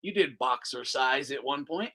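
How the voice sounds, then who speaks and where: Brief: foul-mouthed host, lots of laughter, animated up-and-down delivery. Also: male voice, medium pitch, normal speed. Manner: profane, laughs often, mocking. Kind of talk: casual live commentary.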